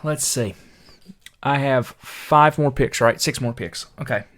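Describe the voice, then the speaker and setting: A man's voice: medium pitch, measured pace, a bit bright. A man co-hosting a podcast in casual chat, firmly standing by his opinions. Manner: firm, sticks to his picks. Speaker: podcast co-host.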